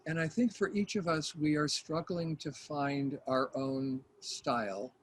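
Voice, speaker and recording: An older man, a mediator, speaking as a guest in an interview in a thoughtful, measured way. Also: fairly high pitch, a little hiss or hum, poor audio. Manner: thoughtful, measured, with frequent fillers. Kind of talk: conversational interview.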